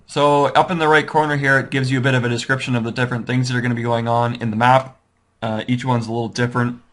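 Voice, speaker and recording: Speaking fast in a level, mid-range voice, a gaming tutorial host casually walks through a strategy game. He wanders off topic, questions his own choices, and jokes at his own expense.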